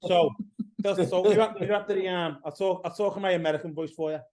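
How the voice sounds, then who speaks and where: A man with an English accent, a podcast guest who tells stories loudly, swearing freely in casual chat. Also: sits high, fairly even intonation, fast. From England.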